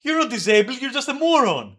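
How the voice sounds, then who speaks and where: A man streaming an angry, profane rant about his old flatmate, yelling at times. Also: very high voice, fairly quick. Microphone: desk microphone.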